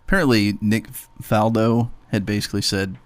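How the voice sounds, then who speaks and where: Low-voiced man co-hosting sports radio. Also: fairly even intonation, dry recording. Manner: teasing, reads calendar items briskly. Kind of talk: casual sports radio chat.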